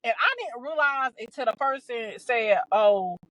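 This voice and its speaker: A young adult woman hosting a podcast, telling a story in a casual, animated, profane way, with many restarts and exasperated asides. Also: high voice, normal speed, no echo, low-quality recording. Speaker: podcast host.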